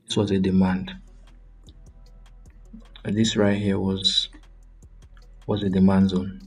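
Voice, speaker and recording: A man's voice: deep voice, little pitch movement, takes it slowly, breathy edge, soft background music. A young man hosting a trading channel, casually talking through a live screen-share trade breakdown with frequent ums and self-corrections.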